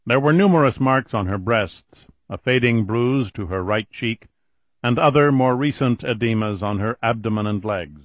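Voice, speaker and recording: A man narrating an audiobook in a steady, even reading voice, on a dull lo-fi recording. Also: mid-range voice, moderate pace, dry recording. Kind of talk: scripted narration.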